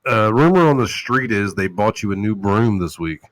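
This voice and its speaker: A man hosting a call-in talk show, ranting loudly with constant swearing and mocking voices. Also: on the low side, normal speed, rough recording. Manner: loud, animated, swearing, mocking impressions. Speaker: host. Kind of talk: profane casual rant on a call-in show.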